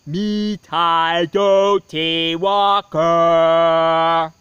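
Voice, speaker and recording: A man voicing a ghostly decapitated head that calls out slowly and sadly from a fireplace. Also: a little high, fairly even intonation, a bit bright, clear, resonant tone, no echo, lo-fi sound. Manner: drawn-out, hollow, sad calling.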